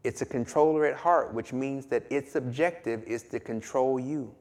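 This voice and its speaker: A man preaching a sermon, emphatic and drawn-out, telling a fable to make his point. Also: medium pitch, a little mellow. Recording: long hall reverb.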